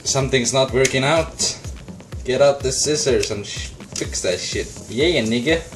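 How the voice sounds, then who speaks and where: A young man talks through a homemade cooking show, loose and off-script, drifting into silly asides. His pitch sits in an ordinary middle range. Faint music runs underneath. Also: unhurried. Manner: goofy, rambling, slips into silly voices and chants. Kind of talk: casual improvised cooking demo.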